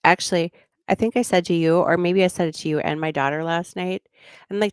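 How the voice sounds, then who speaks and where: A woman's voice: low-pitched, steady tone, a little fast, clean tone, dry recording, clean studio sound. A middle-aged woman hosting a true crime channel, chatting casually and rambling with frequent laughs. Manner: rambling, laughs often, slips into goofy voices. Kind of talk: casual livestream chat.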